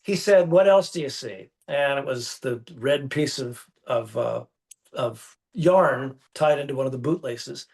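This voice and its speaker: A man guest on an interview, telling stories in a casual, animated way and acting out the dialogue he quotes, over a phone or video call. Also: medium pitch, a little slow. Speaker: guest artist.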